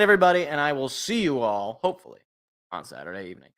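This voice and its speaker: Opinionated sports host, bright worn voice. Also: male voice, a little high, wildly swooping pitch, fast. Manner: opinionated, rattles off picks. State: tired, voice worn. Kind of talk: casual sports talk show.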